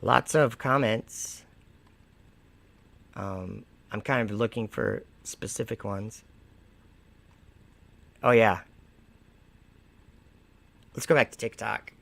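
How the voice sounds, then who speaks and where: A man's voice: on the low side, slow pace, gravelly, pauses often, fairly bright tone. A man hosting a casual livestream, reading viewer comments aloud and mocking and lecturing the people who wrote them. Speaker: livestream host.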